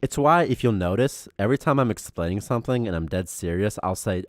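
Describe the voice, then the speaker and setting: A man co-hosting a game development livestream in casual chat, excitable and rambling, getting heated about topics as he talks. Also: low-pitched, a little fast, hardly any pauses, no room sound. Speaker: co-host, game programmer.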